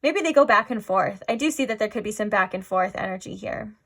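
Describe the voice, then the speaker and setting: A woman giving a casual pick-a-card tarot reading, rambling and filling her talk with "like", often dropping into soft, musing asides. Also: medium pitch, animated, brisk, gravelly, breathy edge. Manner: rambling, heavy use of "like". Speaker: tarot reader.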